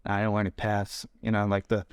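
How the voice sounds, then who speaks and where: Animated storytelling man, dry sound. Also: on the low side, brisk, clear, resonant tone, dry recording. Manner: animated anecdotes, acts out quoted voices. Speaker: stuntman guest. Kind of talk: casual storytelling interview.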